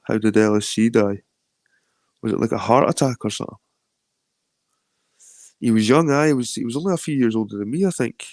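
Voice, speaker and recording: Gravelly Scottish man chatting on a livestream. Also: medium pitch, brisk, long pauses, darkish tone, no echo. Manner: rambling, heavy swearing, greets viewers. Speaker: livestream host. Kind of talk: casual livestream chat reading viewer comments.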